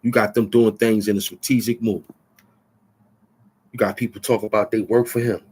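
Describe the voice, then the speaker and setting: A man's voice: fairly low pitch, level tone, moderate pace, darkish tone, breathy edge. A man hosting his own channel, taunting and boasting in a rambling trash-talk rant. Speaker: channel host. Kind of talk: trash-talking rant at the camera.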